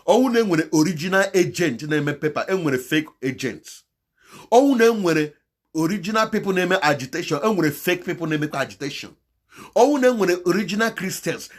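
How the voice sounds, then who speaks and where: A man with a Nigerian Igbo accent preaches straight to camera in a slightly raised voice, hopping between Igbo and English. He swings from loud, impassioned exhortation to low, pleading appeals, moralizing throughout. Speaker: channel host.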